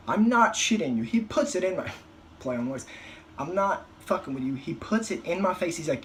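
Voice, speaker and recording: A young man doing a stand-up comedy routine, telling a crude, profane story with animated outbursts. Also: sits high, moderate pace, a little hiss or hum.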